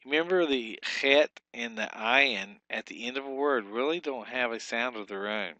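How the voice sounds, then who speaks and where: A man teaching a recorded language lesson, stepping slowly through examples and repeating words to sound them out. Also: on the low side, sharp tone, dry recording.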